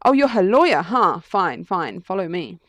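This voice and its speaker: A woman voicing a gruff male prison guard in a video game, curt and impatient. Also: lowish voice, very animated, moderate pace, a bit bright, no echo.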